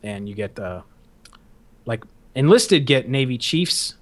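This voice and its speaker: A man's voice: mid-range voice, expressive, takes it slowly. A young man hosting a podcast and telling a story in a casual, profane, rambling way, often laughing. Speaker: podcast host.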